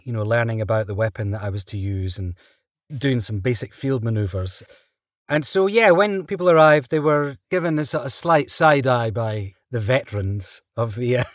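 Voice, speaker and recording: A man, an actor guest, telling stories in a relaxed interview, chatty and quick to laugh. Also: mid-range voice, dry recording, clean studio sound. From Britain. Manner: chatty, laughs often, restarts mid-sentence.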